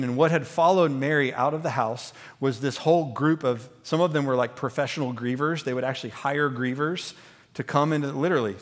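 A man preaching a sermon as pastor, talking conversationally with many fillers and restarts, growing animated as he goes. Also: on the high side.

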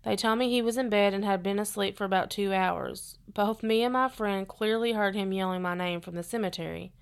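A woman co-hosting a podcast, reading listener stories aloud in a steady, earnest way between bits of casual chat. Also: mid-range voice, fairly quick, gravelly, clear, resonant tone.

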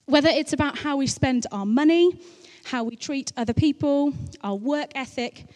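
A woman's voice: high voice, moderate pace, darkish tone. A woman giving a sermon in a chatty, anecdotal way, with playful asides between her points. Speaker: preacher. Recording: long reverb of a large hall.

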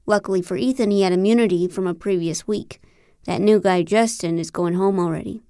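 A woman's voice: mid-range voice, fairly quick, smooth, no room sound, studio quality, lightly acted. A woman reading an audiobook, voicing a friendly, earnest man in his thirties who talks in an eager, chatty way. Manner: chatty, eager, animated outbursts. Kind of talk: audiobook character voice.

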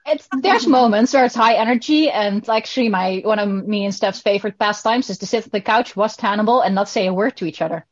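A woman's voice: mid-range voice, brisk, hardly any pauses, muffled recording. A woman guest chatting and giggling. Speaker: podcast guest. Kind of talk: casual chat.

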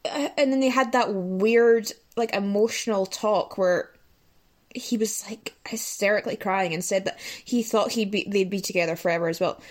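A woman's voice: mid-range voice, normal speed, a little mellow. A woman hosting a podcast, ranting in a casual, profane and exasperated way. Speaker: podcast host. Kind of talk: casual commentary rant.

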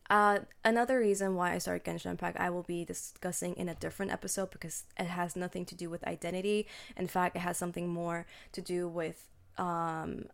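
A woman's voice: on the low side, gravelly. A woman in her twenties hosting a casual solo podcast, talking in a chatty, reflective way with frequent "like"s and restarts. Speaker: podcast host.

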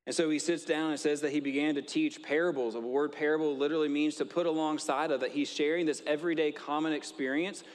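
A man's voice: fairly high pitch, fairly even intonation, fast, hardly any pauses, in a large hall. A male pastor giving a sermon in a conversational way, mixing stories and light jokes.

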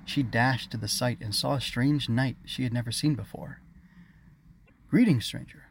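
A man narrating his own children's story in a measured, expressive reading. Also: medium pitch, slight background noise.

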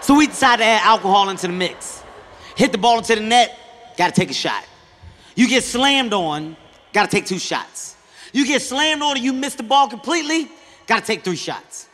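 A man doing stand-up comedy, telling stories in a loud, animated, profane way and acting out other characters. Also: sits high, normal speed, long reverb tail. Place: stage before a live audience.

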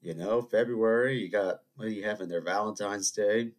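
A man's voice: fairly low pitch, moderate pace. Sniffly man rambling solo on a podcast. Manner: chatty, digressive, jokey asides to listeners. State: sniffly from a cold. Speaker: podcast host.

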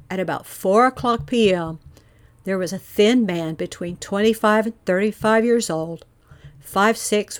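A woman hosting a true-crime podcast, narrating a case in a measured, earnest way and posing many rhetorical questions. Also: medium pitch. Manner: volunteer investigator speaking earnestly.

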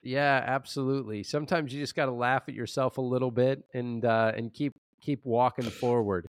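A man co-hosting a scholarly debate show, presenting his position in a measured way with frequent restarts. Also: medium pitch, steady tone, no echo. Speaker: co-host, Old Testament scholar.

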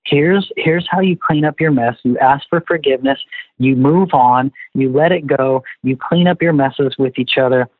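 A man being interviewed, telling family stories in a lively, animated way and acting out what was said. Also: medium pitch, moderate pace, dry recording. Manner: animated storyteller, acts out family dialogue. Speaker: guest. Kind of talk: conversational interview. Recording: tinny phone-like line.

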